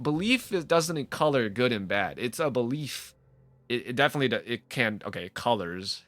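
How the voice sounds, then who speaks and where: A man with a bright, forceful voice rants freely as a gaming video host, swearing and cutting himself off mid-thought. His talk rambles and doubles back as he works through his point. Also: medium pitch, very animated, quick pace, no room sound. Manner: rambling, profane, frequent self-interruptions. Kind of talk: casual off-the-cuff rant to camera.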